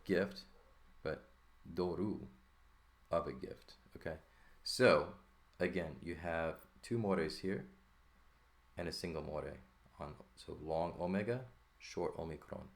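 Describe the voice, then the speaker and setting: Very deep-voiced man teaching. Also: a little slow. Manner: explanatory, checks in with "right?" often. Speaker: Greek teacher. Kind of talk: explaining at a board.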